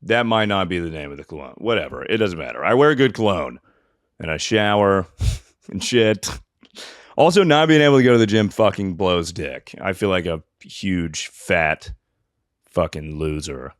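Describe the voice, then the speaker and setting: A man with a fairly low voice tells rambling, self-mocking stories on a comedy podcast, swearing freely as he goes. His voice is recorded close and dry, with no room sound. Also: animated, moderate pace, no echo. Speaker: podcast host. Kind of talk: casual comedic storytelling.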